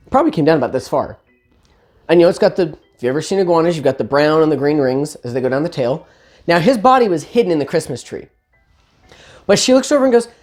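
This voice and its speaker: A woman telling a family story in a chatty, casual way, pitched a little low. Her delivery swings widely up and down, with lively asides and self-corrections. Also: fast, soft background music.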